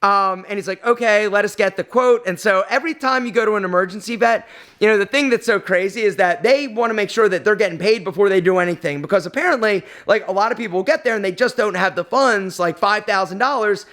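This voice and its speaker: A man's voice: high-pitched, quick pace, fairly bright tone. A man telling a personal story on his vlog, emotional and rambling, with lots of fillers. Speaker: vlog host.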